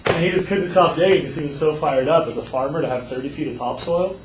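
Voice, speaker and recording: A male teacher giving a lively classroom lecture, telling stories and acting out voices. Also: on the high side, fast, recorded from a distance. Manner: animated storyteller, acts out voices. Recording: echoey classroom with faint noise.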